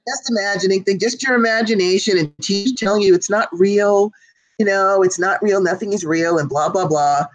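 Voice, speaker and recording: A woman's voice: medium pitch, a little fast, no echo, highs cut off. A woman co-hosting a casual live talk show, speaking earnestly and directly to her audience. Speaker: co-host. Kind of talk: casual chat.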